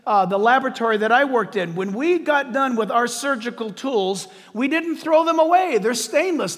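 A man's voice: extremely high pitch, a bit bright, big-room sound. A man preaching a sermon, emphatic and repeating key words for stress. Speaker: pastor.

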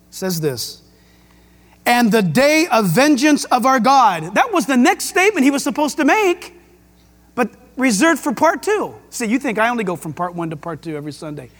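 High-voiced excitable preacher in a hall. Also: male voice, normal speed. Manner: excitable, emphatic preaching with jokes and rhetorical questions. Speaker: pastor. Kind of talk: sermon. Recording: long hall reverb.

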